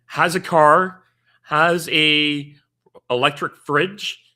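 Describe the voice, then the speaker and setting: A man who is a guest on a casual livestream chat, quick to agree and eager to add his own points. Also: fairly high pitch, fairly even intonation, bright, forceful tone.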